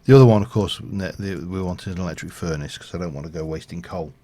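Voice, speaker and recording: A man's voice: low-pitched, fast talker, dark tone, slight background noise. A man streaming a game, rambling and thinking aloud with lots of fillers as he plays. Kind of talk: casual gameplay commentary.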